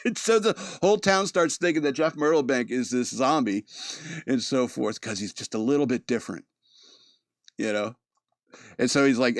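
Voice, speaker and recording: A man's voice: mid-range voice, no room sound, studio quality. A man hosting a podcast, telling a story in a casual, rambling way, often laughing at it as he goes. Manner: rambling, laughs at his own story, frequent restarts. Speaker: podcast host.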